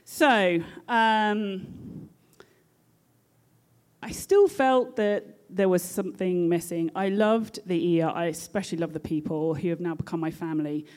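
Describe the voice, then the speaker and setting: A woman with a British accent, a nurse telling a personal story in a lively, animated way with frequent laughter. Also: fairly low pitch, unhurried.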